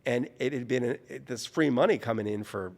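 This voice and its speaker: Man, author guest, from New Orleans, animated storytelling, raspy fry, long reverb. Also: mid-range voice, brisk. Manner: animated, mimics voices in his anecdotes. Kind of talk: conversational storytelling.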